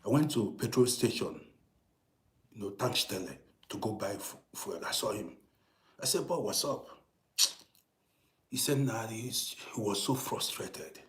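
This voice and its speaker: A middle-aged man telling a long personal story in a casual monologue, swinging from hushed asides to loud, emphatic points. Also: fairly low pitch, moderate pace. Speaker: storyteller host. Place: living abroad in Germany.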